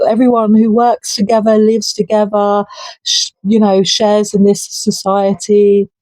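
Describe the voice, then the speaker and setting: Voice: mid-range voice, a little mellow, no echo. A person giving an impassioned solo monologue, angry and sweary, with mocking asides. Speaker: channel host.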